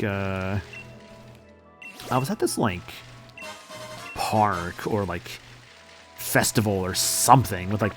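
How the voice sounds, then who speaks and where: A man in his late twenties streaming a game and chatting casually, rambling and laid-back, swearing a lot. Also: fairly low pitch. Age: late 20s.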